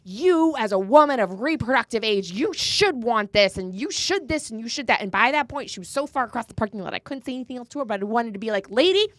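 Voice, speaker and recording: Slightly high-pitched and fast, she barely pauses, and the audio has no room sound. This Florida woman in her thirties co-hosts a casual podcast, talking politics and acting out each side of a quarrel as she tells the story.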